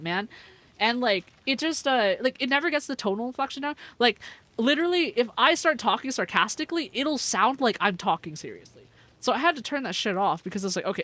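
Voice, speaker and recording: A woman's voice: on the low side, a bit bright. A young woman chatting casually on a livestream, giggling often and talking in a rambling, slangy, profane way. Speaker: streamer.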